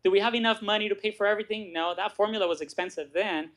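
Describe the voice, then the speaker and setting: A middle-aged man giving a motivational talk to a live audience, telling his story with lively acted-out voices and asking "right?" again and again. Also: high voice, very fast. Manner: animated storytelling, acts out quoted voices, keeps asking "right?". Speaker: guest speaker. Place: meeting room with audience.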